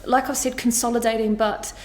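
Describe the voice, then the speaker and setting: A woman talking straight to camera through an intuitive star-sign reading. Her voice sits a little high, and she speaks in an animated, blunt way with the odd casual swear word. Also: a little fast. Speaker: astrology tarot reader.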